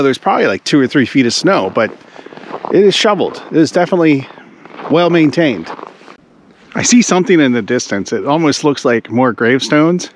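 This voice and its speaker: A man's voice: on the high side, a little hiss or hum, poor audio. A man casually vlogging while strolling through a snowy cemetery, rambling and thinking aloud with lots of "like". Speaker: travel vlogger. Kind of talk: casual walking vlog. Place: snowy cemetery outdoors in winter.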